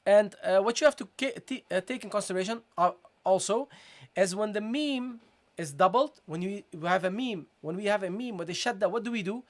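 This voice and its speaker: A Quran recitation teacher giving a live online tajweed lesson. The teacher repeats each point, keeps checking in with "okay?" and "guys", and breaks into slow, drawn-out recited examples. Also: medium pitch. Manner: switches between English explanation and slow, drawn-out recited demonstrations.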